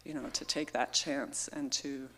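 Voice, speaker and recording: A middle-aged woman speaks slowly and deliberately at a memorial gathering, her words earnest and heartfelt. She is audibly emotional as she talks into a microphone, pausing often and never rushing. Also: rumbling low, fairly even intonation, fairly bright tone, slight background noise. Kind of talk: memorial tribute speech.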